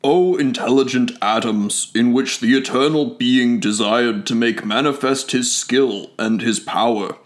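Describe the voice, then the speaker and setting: A man voicing a lofty, grave giant alien voyager from Sirius in a storybook reading, speaking in a solemn, measured, declamatory way. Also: mid-range voice, close to an everyday voice. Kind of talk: audiobook character reading.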